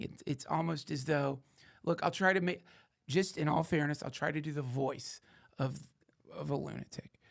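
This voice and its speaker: A man's voice: on the high side, moderate pace, vocal fry. A man hosting a podcast, riffing in a sardonic, profane, rambling comedic monologue. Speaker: podcast host.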